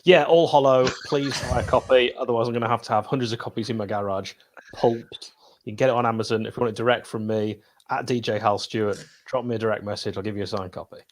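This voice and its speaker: A man's voice: lowish voice, fairly even intonation, fast. Dry-joking man on a football panel. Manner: dry, joking, playful asides. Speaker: panel guest. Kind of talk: casual football chat.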